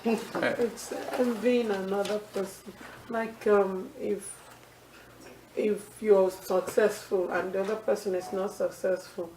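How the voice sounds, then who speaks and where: Female congregant, hesitant, very slow pace, recorded from afar in an echoey hall. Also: medium pitch, fairly even intonation, a little mellow, a little hiss or hum. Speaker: congregation member. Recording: echoey hall, distant from mic.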